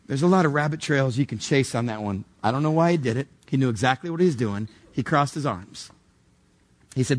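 A man's voice: mid-range voice, animated, fairly quick. A male pastor delivering a sermon in a conversational, emphatic way, asking the congregation direct questions.

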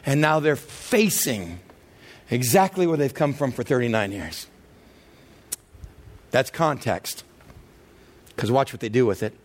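A middle-aged man preaching a sermon with dramatic swings between loud and hushed delivery. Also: on the high side. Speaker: pastor.

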